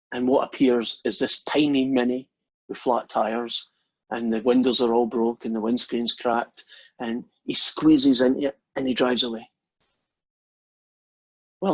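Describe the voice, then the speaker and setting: A math lecturer with a husky, mid-range voice gives a university lecture, chatting and quizzing the class with questions. The recording is dull and lo-fi.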